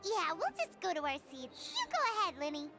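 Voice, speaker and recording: A woman voicing a small, chirpy female fairy companion who talks in a bubbly, excitable way. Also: very high voice, a little fast, over music, exaggerated voice. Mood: excited.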